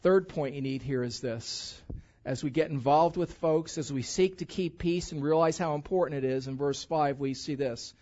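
A man's voice: a little high, normal speed, a little mellow. Man preaching with rising emphasis, lo-fi. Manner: conversational preaching, rising emphasis on key words. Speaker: pastor. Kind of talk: sermon. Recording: dull lo-fi recording.

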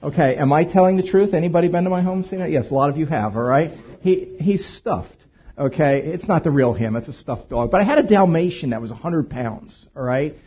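Male pastor, animated husky storyteller, slightly muffled recording. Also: a little high, fairly quick. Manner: storytelling with humor, swinging between hushed and loud. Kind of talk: sermon.

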